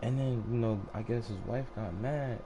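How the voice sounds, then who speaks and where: A man's voice: mid-range voice, fairly even intonation, moderate pace, mellow, a little hiss or hum. A young man hosting a gaming video, talking in casual slang with heavy swearing and heated ranting. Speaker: gaming channel host. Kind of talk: casual gameplay commentary.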